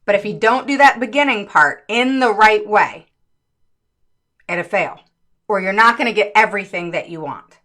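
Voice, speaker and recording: A woman hosting a casual live stream as a parent advocate, earnest and chatty, with many fillers and quick hellos to viewers by name. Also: medium pitch, bright, forceful tone. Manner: chatty, greets viewers by name mid-sentence. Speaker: special education advocate and live-stream host.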